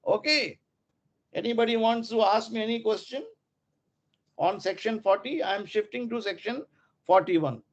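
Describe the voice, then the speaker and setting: Casting: Indian male law professor, high voice, deliberate classroom delivery, dull lo-fi sound. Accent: Indian English, mixing in Hindi. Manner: deliberate, repeats key terms, tells students to underline.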